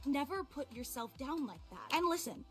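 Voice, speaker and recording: An overemotional, clingy fan from a video game, gushing and near tears. Her high voice rises and dips constantly. Soft game music plays underneath. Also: very animated, moderate pace. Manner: gushing, tearful, rambling. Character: clingy, overemotional female fan with stalker habits. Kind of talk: game voice acting.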